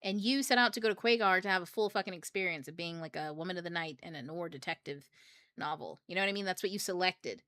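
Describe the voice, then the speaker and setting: Bright, profane young woman host. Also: on the low side, quick pace, dry recording, studio quality. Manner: rambling, profane, joking. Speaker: book club host. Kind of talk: casual livestream talk.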